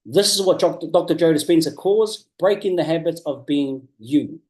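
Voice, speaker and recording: A man giving a motivational coaching talk, earnest and emphatic, repeating key phrases and slowing down to drive points home. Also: a little high, a little mellow. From New Zealand. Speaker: business coach.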